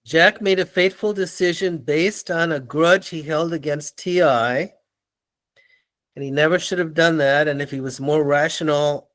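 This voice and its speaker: An older man with a high-pitched voice tells stories as an interview guest. He is animated and acts out the people he describes. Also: moderate pace. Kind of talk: storytelling in an interview.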